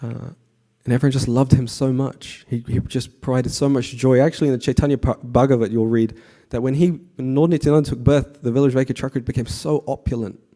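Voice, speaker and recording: Guy with a deep mellow voice giving a chatty temple class, asks the crowd questions, lots of ums. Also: quick pace, few pauses. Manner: conversational, asks the audience questions; frequent fillers and restarts, relaxed. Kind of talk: devotional class lecture to a live audience. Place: temple hall with an audience.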